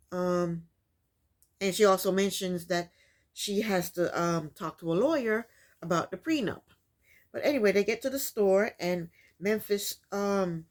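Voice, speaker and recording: Opinionated woman recapping a reality show. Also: medium pitch. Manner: opinionated, many ums, repeats points. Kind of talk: casual recap commentary.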